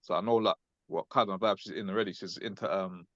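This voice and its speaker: Rambling young British man, fast and lo-fi. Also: deep voice, no echo. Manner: rambling, filler-heavy, ends lines with "innit". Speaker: class member recounting an encounter. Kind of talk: casual call chat. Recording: dull lo-fi audio.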